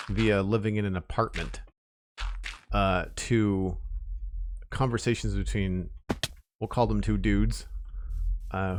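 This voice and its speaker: A man with a fairly low voice talks casually with viewers while he plays a building game. He rambles, restarts his sentences and leans on fillers, in an unhurried live-stream chat. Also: slight background noise. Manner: rambling, chatty, with fillers and self-corrections.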